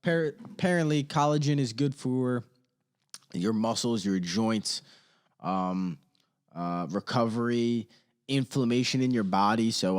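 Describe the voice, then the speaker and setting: A man's voice: lowish voice, darkish tone. A young man hosting a casual comedy podcast alone, rambling in slang and laughing often at his own stories. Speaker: podcast host. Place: home studio. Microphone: studio mic.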